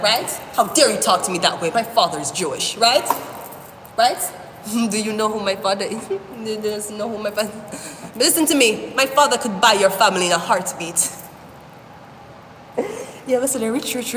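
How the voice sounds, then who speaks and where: A woman's voice: mid-range voice, a bit bright, natural voice. A woman voicing an arrogant spoiled rich young adult who keeps bragging about their father, bickering in a haughty, indignant way. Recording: echoey room with long reverb, faint hiss.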